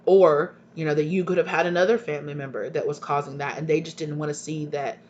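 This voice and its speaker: Man, tarot reader, earnest and repetitive, higher-pitched voice, faint hum behind. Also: steady tone, fast talker, a little mellow. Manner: earnest, repetitive, emphatic with pointed questions. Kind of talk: tarot reading to viewers. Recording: dull lo-fi recording with faint hum.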